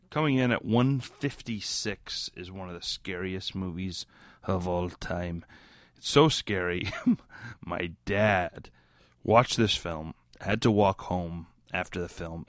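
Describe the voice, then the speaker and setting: A man's voice: deep voice, a little slow, bright, forceful tone, no room sound, studio quality. A drunk man hosting a podcast, rambling and giggly, who keeps drifting into mock British slang. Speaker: podcast host. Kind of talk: casual rambling podcast chat.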